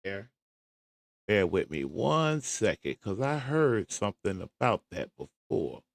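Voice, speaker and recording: A man's voice: lowish voice, big pitch swings, slow pace, creaky, no room sound. A man hosting a casual livestream commentary show, chattily talking himself through searching for a clip. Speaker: show host.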